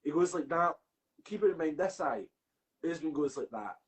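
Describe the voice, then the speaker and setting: A man's voice: fairly high pitch, animated, normal speed, lo-fi sound. Sweary Scottish man ranting. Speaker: podcast co-host. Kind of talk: casual chat.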